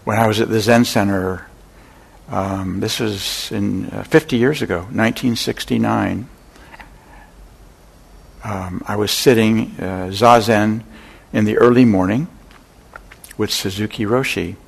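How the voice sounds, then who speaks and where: An older man giving a dharma talk as a meditation teacher, an unhurried storyteller who pauses often. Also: fairly low pitch, steady tone, gravelly, slightly rough. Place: meditation center hall.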